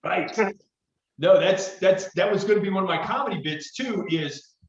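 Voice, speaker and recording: A man's voice: sits high, normal speed. A middle-aged man hosting a podcast, chatting in a rambling, jokey way. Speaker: podcast host. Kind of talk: casual chat. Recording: echoey, distant, dull audio.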